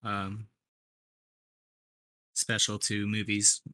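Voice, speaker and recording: A man's voice: lowish voice, completely flat delivery, very slow, sharp tone. A man co-hosting a casual podcast chat, blunt and dry, dropping wry one-liners. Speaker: podcast co-host.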